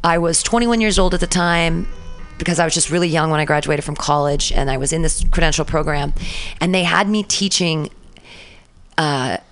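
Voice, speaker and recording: A woman telling a profane, animated story from her past as a guest in a casual interview. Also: lowish voice.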